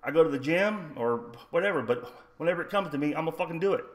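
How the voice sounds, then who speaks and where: A man's voice: fairly high pitch, lively intonation, fast. A retired man telling a rambling, profane story on his own livestream in a blunt, combative way. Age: older. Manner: blunt, rambling, heavy swearing. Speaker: livestream host.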